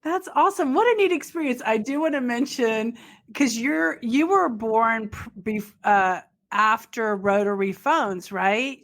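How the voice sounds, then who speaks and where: A woman's voice: a little high, expressive, a little slow. A middle-aged woman hosting a podcast, chatting enthusiastically and exclaiming often. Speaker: podcast host. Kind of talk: casual interview chat.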